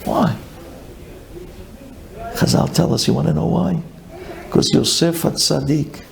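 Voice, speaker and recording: A man, a rabbi, giving a sermon dramatically, swinging from loud pleading to hushed intensity. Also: a little high, a little slow, gravelly, long pauses.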